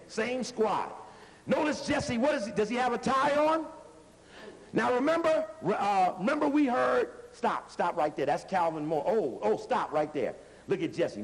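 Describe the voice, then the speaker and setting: A man giving a lecture while commenting on video playback, animated and conversational, using street-talk grammar. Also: high-pitched, creaky. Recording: reverberant hall with faint noise.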